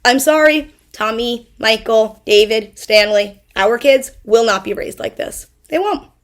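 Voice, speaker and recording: Young woman, high voice, exasperated rant, stammers and repeats herself, swears freely. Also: unhurried. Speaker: podcast host. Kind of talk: ranting monologue.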